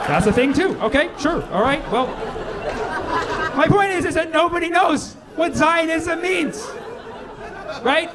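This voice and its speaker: A man's voice: very high-pitched, lively intonation, noisy background. A man doing stand-up in a comedy club, playful and ironic, slipping into quoted voices. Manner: playful, ironic, quick asides and acted quotes. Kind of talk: stand-up routine. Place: comedy club stage with a live audience. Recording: live club recording with crowd laughter.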